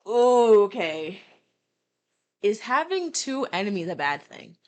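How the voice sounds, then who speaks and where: A woman's voice: on the low side, animated, moderate pace, a bit bright. Young woman streamer, casual giggly let's-play chat, self-deprecating asides. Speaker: gaming streamer. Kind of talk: let's play commentary, reading game text.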